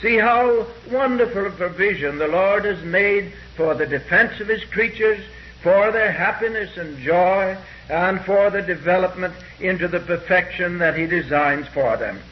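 A man preaching a sermon, quoting scripture slowly and deliberately and pausing often with "uh". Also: high voice, lo-fi sound. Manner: slow and deliberate when quoting scripture, with frequent "uh" pauses.

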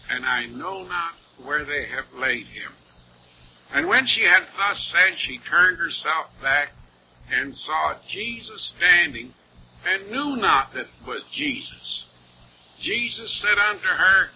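A man preaching a sermon and reading scripture aloud, with slow, emphatic delivery and wide swings in pitch and loudness. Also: lively intonation. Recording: dull lo-fi recording with faint hiss.

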